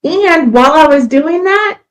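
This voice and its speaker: Talkative woman co-host, slightly high voice. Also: expressive, measured pace, low-quality recording. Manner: talkative, laughs easily, self-correcting. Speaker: livestream co-host. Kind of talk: casual livestream chat.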